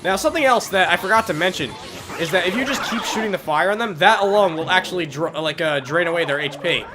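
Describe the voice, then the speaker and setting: A young man with a congested, stuffy voice from a cold, giving excitable, jokey gameplay commentary and cursing at enemies. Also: high voice, fast, background noise. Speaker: let's play commentator.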